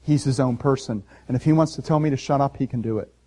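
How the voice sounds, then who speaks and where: A male pastor preaching a sermon in a conversational, storytelling way, swinging from loud emphasis to soft quiet. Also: medium pitch, fast talker.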